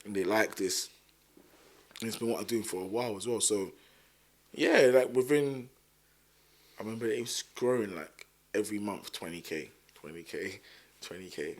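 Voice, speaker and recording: A man with a London accent, chatting casually as a podcast guest and telling stories in an animated way, full of fillers. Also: on the low side, moderate pace, long pauses. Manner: animated storyteller with many fillers. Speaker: podcast guest, content creator. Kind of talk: casual chat.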